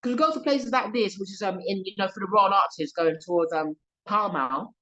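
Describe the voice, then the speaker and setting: A woman's voice: a little fast, dull audio. A young woman comedian with a London accent, chatting in a podcast interview and acting out the people in her stories. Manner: animated storyteller, voices quoted people, lively pitch jumps. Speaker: comedian guest.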